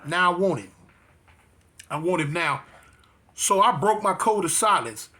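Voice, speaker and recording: A man's voice: sits high, expressive, a little slow, bright, forceful tone. A man casually telling a story, with streetwise slang, emphatic repeats and frequent restarts. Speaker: interview guest.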